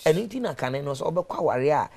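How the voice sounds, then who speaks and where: A man on a talk show panel, telling animated stories and laughing often. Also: a little high, fairly quick, vocal fry, breathy edge.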